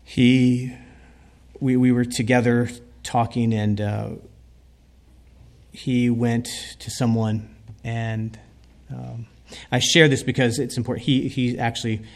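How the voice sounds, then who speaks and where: A man's voice: mid-range voice, flat delivery, takes it slowly, long pauses. A man telling a heartfelt story in a sermon, speaking earnestly as a preacher.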